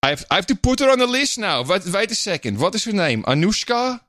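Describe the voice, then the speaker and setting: A man co-hosting a podcast in casual chat, playful and quick to laugh. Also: high-pitched, sing-song, fairly bright tone, no echo, studio quality. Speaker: podcast co-host.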